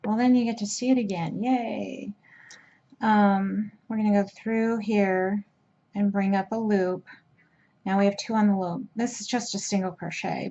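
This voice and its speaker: In this easygoing crochet lesson, the instructor, a woman, narrates each stitch while working, her chatty talk full of hesitant fillers, pauses and restarted sentences. She speaks at a normal mid-level pitch. The recording sounds slightly flat and low-fidelity, much like a simple home camera clip.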